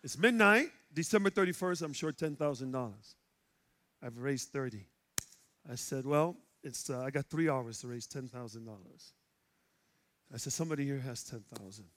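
A male pastor from Chicago with a Chicago accent, preaching and telling stories, going from loud shouts to hushed quiet. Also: medium pitch, lively intonation, normal speed. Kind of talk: sermon. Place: church sanctuary.

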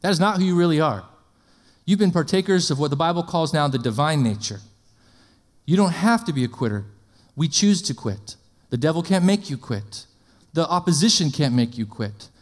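A man preaching a sermon in an energetic, conversational way, often asking the congregation questions and slipping in jokes. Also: on the high side, normal speed.

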